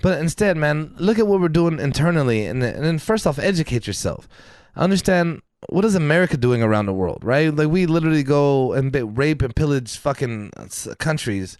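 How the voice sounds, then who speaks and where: A man co-hosting a casual podcast, ranting with heavy swearing and emphatic repetition. His voice rides a little high and swings widely in pitch as he gets worked up. The sound is dry and close. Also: lively intonation, moderate pace, darkish tone, dry recording. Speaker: podcast co-host. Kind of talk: casual chat.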